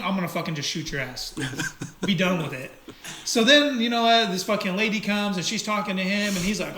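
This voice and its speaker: A man tells a story in casual chat, animated and full of swearing. His voice sits high and bright. The room is roomy and echoey, with a faint hiss behind him. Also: fast talker.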